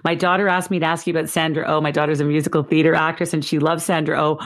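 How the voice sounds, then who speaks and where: A woman's voice: sits low, level tone, fast. A woman interviewer asking questions in a gushing, enthusiastic way.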